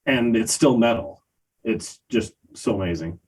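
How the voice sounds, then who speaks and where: Slow, low-voiced older man musing. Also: a little mellow, slightly rough, rough recording. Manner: slow, hesitant, many ums and uhs. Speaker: podcast co-host reviewing albums. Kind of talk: casual chat.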